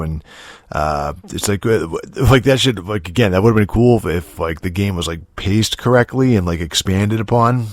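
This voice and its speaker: Podcast host: man with a deep voice, rambling and sarcastic, swears a lot, dry close mic. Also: moderate pace, no room sound. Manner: rambling, profane, sarcastic, many fillers. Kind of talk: casual chat.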